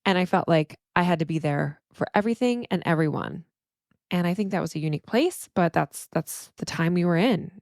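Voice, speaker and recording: A woman's voice: fairly low pitch, expressive, a little fast, creaky, a little mellow, no room sound, studio quality. A middle-aged woman therapist hosting her podcast alone, talking candidly and emotionally with frequent restarts. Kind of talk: reflective solo podcast monologue.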